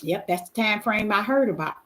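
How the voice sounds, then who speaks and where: A woman's voice: medium pitch, animated, fairly quick, bright, forceful tone. A middle-aged woman hosting a Bible question session, preaching in a folksy, emphatic way and calling out to her listeners. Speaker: host answering Bible questions. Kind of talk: informal preaching to a live audience.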